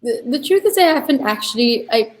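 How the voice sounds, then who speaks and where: A woman, a bride-to-be, chatting casually on a video call, starting hesitantly with halting restarts. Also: on the high side, animated, low-quality recording. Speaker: guest, bride-to-be. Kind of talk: casual chat.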